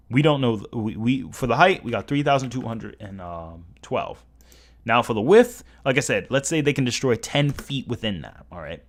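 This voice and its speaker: In casual livestream commentary, a man with a medium-pitched voice rambles through math out loud, frequently correcting himself. Keyboard typing can be heard in the background.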